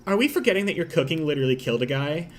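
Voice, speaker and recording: A man's voice: fairly high pitch, big pitch swings, very fast, slight background noise. A young man streaming a game, reading the story aloud, laughing often, swearing and cracking jokes. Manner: jokey, laughs often, swears, switches into silly character voices. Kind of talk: casual let's-play commentary with voiced lines. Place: home streaming setup.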